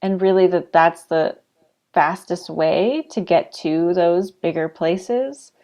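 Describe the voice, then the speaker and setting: Woman co-host, low voice, thoughtful and affirming in easy conversation. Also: slow pace, dark tone. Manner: reflective, encouraging, lots of affirming murmurs. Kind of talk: casual chat.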